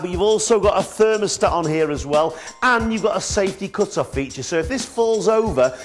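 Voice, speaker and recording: A middle-aged man with a northern English accent sells a product on a live shopping channel. His voice sits high, and he keeps up a chatty, repetitive patter that calls the viewers folks. Faint music plays underneath. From northern England. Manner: chatty, repeats words, addresses viewers as folks. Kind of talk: live TV sales pitch.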